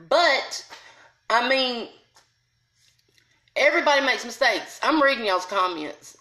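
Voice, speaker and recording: Woman, middle-aged, angry storytime rant, blunt, high bright voice, echoey room. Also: lively intonation, slow pace, pauses often. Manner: heated, blunt, Southern US dialect grammar. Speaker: vlogger.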